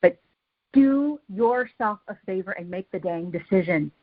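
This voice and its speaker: A woman gives a punchy motivational talk over a video call, driving her points home by repeating short phrases. Her voice sits at a middle pitch. The call audio is dull and lo-fi. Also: a little slow. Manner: energetic, emphatic, repeats phrases for effect. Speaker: guest speaker on a team call.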